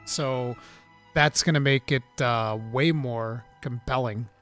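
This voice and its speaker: A man hosting a live gaming talk stream, reading chat questions and chatting casually in an animated, rambling way. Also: mid-range voice, slow pace, faint music behind. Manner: animated, excitable, rambling with restarts.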